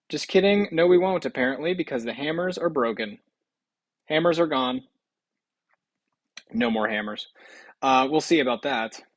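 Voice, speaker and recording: Laid-back game commentator, swears a lot, laughs loud, dry close sound. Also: medium pitch, no echo. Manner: chatty, swears freely, given to loud laughing outbursts. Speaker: mobile game video creator. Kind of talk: casual gameplay commentary.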